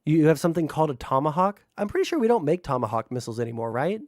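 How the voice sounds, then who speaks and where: A man's voice: a little high, very animated, very fast, no echo, clean studio sound. A man livestreaming and chatting casually with his viewers, rambling with lots of fillers and swearing freely. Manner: talks to chat, unfiltered.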